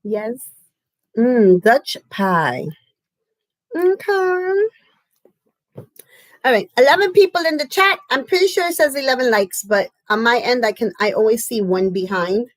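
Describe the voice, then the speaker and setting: A woman's voice: on the high side, expressive, measured pace, pauses often, no room sound, rough recording. A woman from the United States chatting casually and effusively on a live stream, often laughing. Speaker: crafting livestream host.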